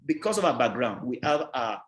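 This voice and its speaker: A man's voice: mid-range voice, very animated, a little fast. A man teaching a presentation skills class, stressing words hard, repeating key points and quizzing his listeners. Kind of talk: revision class lecture. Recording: roomy echoey sound.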